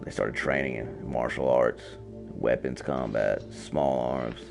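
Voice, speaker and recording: A man's voice: a bass voice, steady tone, a little slow, gravelly, over music. A man hosting a podcast, casually retelling a comic-book story in a laid-back way, with fillers and the odd curse. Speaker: podcast host.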